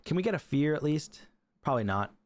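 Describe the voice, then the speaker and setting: A man commentating his own live game stream, chatty and excitable, laughing often and talking to his viewers. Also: fairly high pitch, quick pace.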